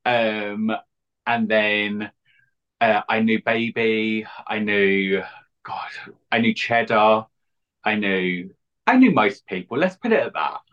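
A man, a drag queen chatting as an interview guest, cheeky and deadpan. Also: lowish voice, slow. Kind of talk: casual interview chat. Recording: dull lo-fi audio.

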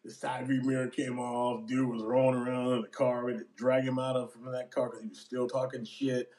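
A young man co-hosting a podcast, backing up the story with quick agreements and laughter. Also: mid-range voice, flat delivery, mellow. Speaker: podcast co-host. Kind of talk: casual storytelling chat.

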